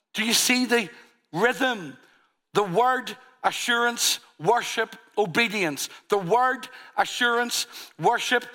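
A man's voice: high-pitched, pushed and bright. A man preaching a sermon, earnest and full of rhetorical questions. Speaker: pastor.

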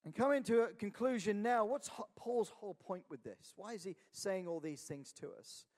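A man's voice: high-pitched, moderate pace, darkish tone. A man preaching a sermon, urging his listeners on with repeated calls of "Amen?". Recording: long hall reverb.

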